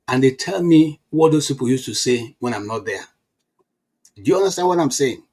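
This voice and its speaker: A Nigerian man in his fifties, talking politics in a casual chat and telling animated stories full of restarts. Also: medium pitch, a little fast, husky. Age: 50s. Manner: animated storytelling with frequent restarts.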